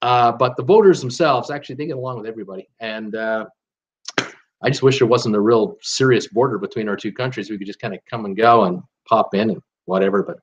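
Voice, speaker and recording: A man's voice: fairly low pitch, quick pace, muffled recording. A man from Canada hosting a live stream in a rambling, chatty way, full of "uh"s and restarts. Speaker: host of a live cruise channel. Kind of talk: casual live-stream chat.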